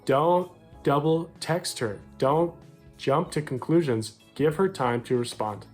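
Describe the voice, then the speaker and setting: A man's voice: fairly high pitch, takes it slowly, a little mellow, soft background music. A young American man coaching men on dating, talking straight to the viewer in an upbeat, direct way and acting out short quoted lines. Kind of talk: direct-to-camera advice talk.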